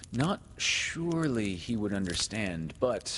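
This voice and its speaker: A man narrating a storybook in an unhurried, expressive manner. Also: lowish voice. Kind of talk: audiobook narration. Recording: reverberant room, faint hiss.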